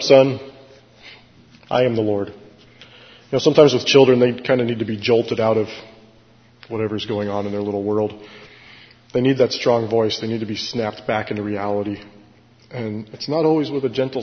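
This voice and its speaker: A man's voice: fairly low pitch, fairly even intonation, fairly quick. A man teaching a Bible study in a casual, explanatory way, with many fillers and self-corrections. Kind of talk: conversational Bible study sermon. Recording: echoey hall, dull lo-fi sound.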